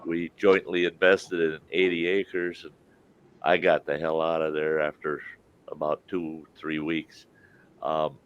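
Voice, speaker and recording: A man's voice: extremely low pitch, little pitch movement, a little slow, smooth. A man hosting a live stream, telling a folksy anecdote and laughing through it. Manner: laughs through his own story, drawls. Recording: dull lo-fi stream audio.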